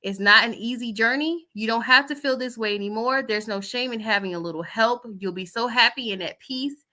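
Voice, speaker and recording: A woman's voice: on the high side, a little fast, sharp tone. A woman chatting casually as host, reading out text messages with loose asides.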